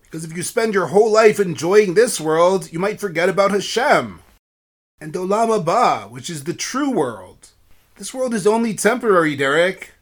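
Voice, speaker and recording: A man's voice: high voice, expressive, normal speed, voice pushed up. A man voicing an earnest, well-meaning young boy in a storybook tale, explaining eagerly.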